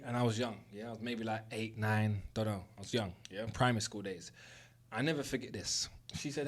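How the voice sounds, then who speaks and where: A young man with a London accent tells a personal story straight to his listeners. His voice sits in an ordinary middle pitch, and he talks in a candid, earnest way, swearing freely as he drives his point home. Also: quick pace. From South West London. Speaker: host. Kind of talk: motivational storytelling monologue.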